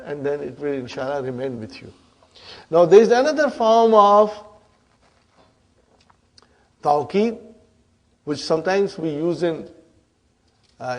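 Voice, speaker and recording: A man's voice: fairly high pitch, darkish tone. A man teaching Arabic grammar in a classroom lecture. He goes through terms step by step, repeats each point and keeps checking that the class follows, with a questioning "huh?" and "brothers and sisters".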